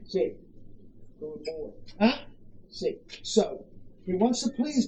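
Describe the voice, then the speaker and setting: Australian dog trainer, firm quick commands, recorded from afar with a noisy outdoor background. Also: mid-range voice, animated, a little mellow. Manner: brisk commands mixed with coaching questions. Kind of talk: hands-on dog training coaching. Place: outdoors at a campground. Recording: echoey, distant, noisy outdoor ambience.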